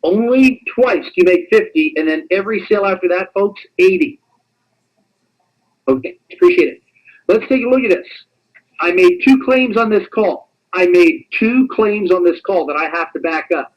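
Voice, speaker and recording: A man presenting a sales pitch on a webinar, in an animated, teasing, repetitive salesman patter. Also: normal speed, muffled recording.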